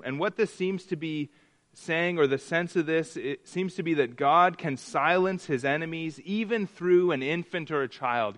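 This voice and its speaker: A man teaching a Bible study, often stumbling and restarting, sometimes acting out quoted voices with rising excitement. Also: on the high side. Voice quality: halting, repeats words and restarts often. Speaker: pastor.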